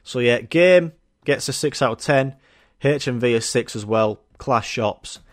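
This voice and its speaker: Speaking a little slowly at a medium pitch, a young podcast host delivers a sweary, joke-filled comic monologue that wanders casually from point to point.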